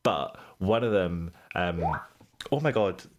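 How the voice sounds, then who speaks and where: A man co-hosting a musical theatre podcast, chatting in an animated, rambling way and acting out other people's voices. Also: low voice, slow pace, lo-fi sound. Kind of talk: casual podcast chat. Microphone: remote call.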